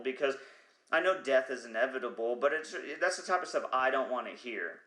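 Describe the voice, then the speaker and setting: A man's voice: mid-range voice, expressive, fairly quick, pushed and bright, echoey room. A man hosting a podcast, talking in a rambling, profane comedic monologue who sometimes loses his train of thought. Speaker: podcast host.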